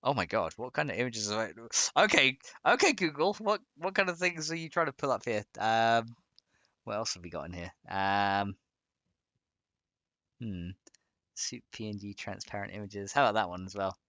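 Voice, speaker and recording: A man's voice: on the low side, lively intonation, moderate pace, pushed and bright, dry recording, muffled recording. A man casually chatting on a live stream while modding a game, rambling and laughing often as he reads chat.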